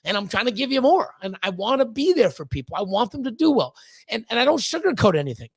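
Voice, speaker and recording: A man's voice: extremely high pitch, very animated, quick pace, breathy edge, no room sound. A man talking as a podcast guest in a blunt, profane rant, often repeating words as he gets worked up. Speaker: podcast guest, snake breeder. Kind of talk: candid ranting conversation.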